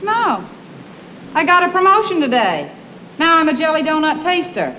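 An actress playing a dry, deadpan sitcom wife in an old TV clip. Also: female voice, sits high, normal speed, slight background noise, exaggerated voice, low-quality recording. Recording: old TV clip with audience laughter.

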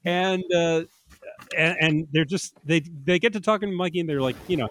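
A man's voice: a little high, moderate pace, fairly bright tone. A man co-hosting a podcast, chatting casually about comedy sketches and laughing often as he acts out lines. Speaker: podcast co-host.

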